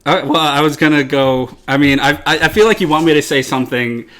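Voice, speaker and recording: A man's voice: on the high side, brisk, a bit bright. Dry-humored young podcast guy. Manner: dry, teasing. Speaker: podcast co-host. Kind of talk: casual comedic chat.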